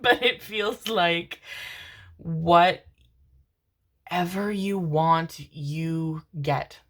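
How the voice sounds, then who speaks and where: A woman with a fairly low voice talks extremely slowly as she gives a casual tarot reading to camera. She's affectionate and chatty, swears casually, laughs often, and keeps calling her viewers "my loves" and "my babies."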